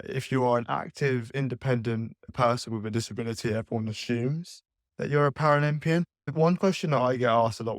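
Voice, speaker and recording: Guy on a podcast answering questions, thinks out loud, normal pitch, dry close mic. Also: no echo. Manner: thoughtful, with frequent fillers and restarts. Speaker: podcast guest, athlete. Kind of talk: conversational interview answers.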